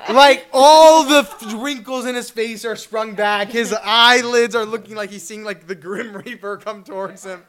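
A man in his twenties telling a story at a fireside chat, animated, acting out the people in it and laughing often. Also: very high voice, measured pace. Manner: animated, acts out voices, laughs often, shouts in bursts.

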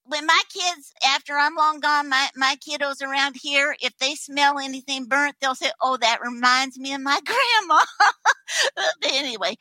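A woman's voice: high voice, moderate pace, bright, forceful tone, no echo, low-quality recording. A woman doing a chatty old grandma. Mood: folksy chatter. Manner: chatty, rambling, folksy. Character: fussy old grandma who burns cookies.

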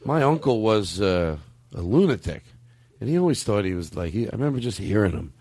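A man co-hosting a comedy podcast, telling stories in a loose riffing way and putting on a high ranting voice for a drunk uncle. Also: sing-song, a little fast, dark tone, breathy edge. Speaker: podcast co-host. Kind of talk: casual comedic chat.

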